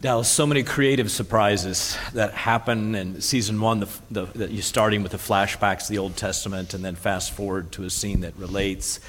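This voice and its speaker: A man hosts a live onstage interview, eagerly listing examples before he asks his question. His voice sits low, and a long hall reverb trails his words. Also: fairly even intonation, moderate pace, hardly any pauses, a bit bright, slight background noise. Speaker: host and interviewer.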